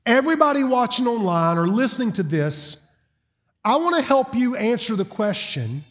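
Folksy Southern preacher, high voice. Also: male voice, sing-song, moderate pace, fairly bright tone. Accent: Southern American. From South Carolina. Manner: folksy, joking storyteller. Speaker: guest preacher. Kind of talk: sermon. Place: church auditorium.

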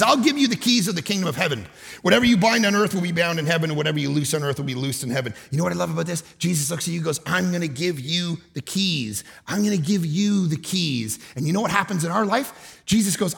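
A man preaching in a church, spinning funny stories that suddenly break into loud shouts. His voice is gravelly and bright, with pitch that leaps around. He sits a little high for a man. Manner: storytelling with loud bursts and shouts. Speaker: guest preacher. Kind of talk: comedic sermon.

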